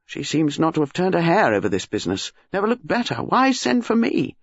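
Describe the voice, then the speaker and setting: A man voicing a gruff, suspicious middle-aged Englishman who speaks in clipped phrases. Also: a little high, huge pitch swings, fairly quick, dry recording, dull audio, exaggerated voice.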